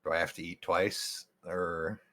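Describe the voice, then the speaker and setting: A man's voice: low-pitched, little pitch movement, unhurried, a bit bright. A man playing a tabletop game, laid-back and a little hesitant as he speaks for his character. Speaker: player. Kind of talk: casual tabletop role-play.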